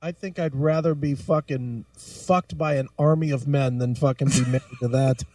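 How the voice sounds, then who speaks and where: A man's voice: mid-range voice, fairly even intonation, normal speed, a little mellow, no echo, recorded from a distance. A man co-hosting a comedy talk show, ranting and swearing freely. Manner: foul-mouthed, ranting. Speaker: co-host. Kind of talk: crude comedy banter.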